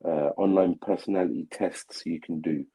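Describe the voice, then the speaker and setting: 低く暗い声のイギリス英語の男性、かすれ気味. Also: male voice, steady tone, normal speed, creaky, breathy edge, low-quality recording. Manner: rambling, filler-heavy, mimics relatives in a loud high voice. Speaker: host of a live stream. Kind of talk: casual live stream chat.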